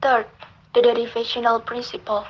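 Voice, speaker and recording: A woman's voice: a little high, monotone, lo-fi sound. Young woman with an Indonesian accent reading a lesson. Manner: careful, slightly halting reading with non-native grammar slips. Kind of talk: reading an academic lesson aloud. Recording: faint background noise.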